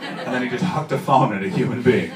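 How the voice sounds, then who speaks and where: A man doing stand-up comedy, bantering with the crowd in a loud, sweary way. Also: medium pitch, quick pace, music in the background. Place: live comedy venue with audience. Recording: roomy, distant mic with background noise.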